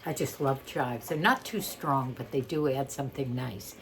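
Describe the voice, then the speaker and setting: A woman's voice: very deep voice, moderate pace, a little hiss or hum. A woman in her eighties, chatty and homey, talking through a cooking demonstration in her home kitchen. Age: 80s. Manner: chatty, homey, talks through each step. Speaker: home cook vlogger.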